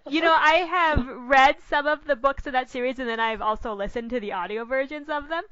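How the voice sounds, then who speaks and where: A woman's voice: high voice, a little fast, a bit bright, a little hiss or hum. A woman interviewer chatting casually, eager and affirming. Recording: dry, dull lo-fi recording.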